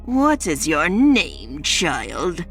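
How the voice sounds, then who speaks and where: A woman voicing a stern male alpha wolf who speaks in a measured, scornful way. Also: lowish voice, wildly swooping pitch, a bit bright, faint music behind, heavily acted.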